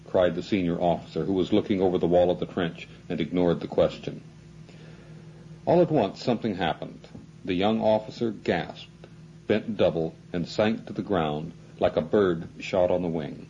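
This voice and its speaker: A man reading a novel aloud as scripted narration, in a measured way. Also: sits low, dark tone, highs cut off, a little hiss or hum. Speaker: audiobook narrator.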